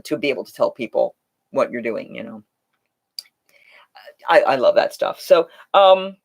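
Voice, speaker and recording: A live-stream host in a casual chat, answering viewer questions in a rambling, think-aloud way on a USB microphone. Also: mid-range voice. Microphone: Logitech USB microphone.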